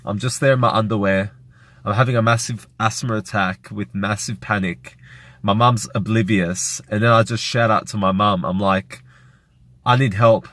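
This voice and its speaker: Low-voiced man telling an emotional story. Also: steady tone, moderate pace, a bit bright, dry recording. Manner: emotional, rambling retelling with fillers. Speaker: vlogger. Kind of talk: personal story vlog.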